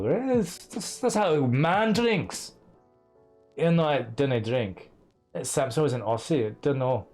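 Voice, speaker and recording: A man streaming a game, chatting casually and swearing a lot in a put-on Scottish accent. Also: on the high side. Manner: chatty, profane, jokey. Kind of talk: casual gameplay commentary.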